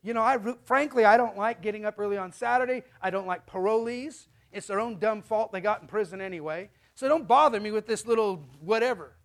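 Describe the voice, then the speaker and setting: A middle-aged man preaching a sermon as a pastor, animated and storytelling, acting out little voices. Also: high voice, brisk, hardly any pauses.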